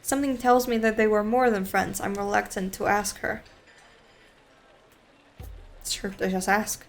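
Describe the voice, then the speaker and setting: A woman streamer reading a visual novel aloud, narrating casually and adding quick off-script asides. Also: medium pitch, level tone, vocal fry.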